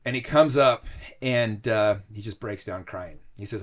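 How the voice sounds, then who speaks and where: A man's voice: fairly low pitch, a little slow. A middle-aged man, a podcast guest, telling personal stories in a casual interview and often laughing as he talks. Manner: animated, laughs through stories.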